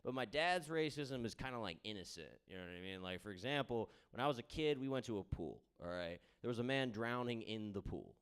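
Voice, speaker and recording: A man's voice: mid-range voice, expressive, brisk, hardly any pauses, smooth. A young man doing a stand-up set in a comedy club, rambling through crowd work and stories with lots of filler and a habit of asking "all right?".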